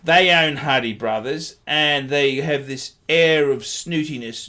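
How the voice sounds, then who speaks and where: A middle-aged Australian man rants in a commentary vlog, heavy with sarcasm and returning to the same catchphrases. His voice sits unusually high for a man and cuts through with a bright, sharp edge. He takes his time, dragging each jab out slowly. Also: lively intonation. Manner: sardonic, scornful, repeats catchphrases. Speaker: watch dealer.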